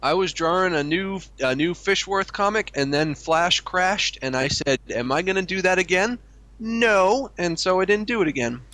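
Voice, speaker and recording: A man's voice: high voice, normal speed, sharp tone, no room sound. A man co-hosting a crude comedy chat, speaking in a dry, mock-prim way with lots of hesitations. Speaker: co-host.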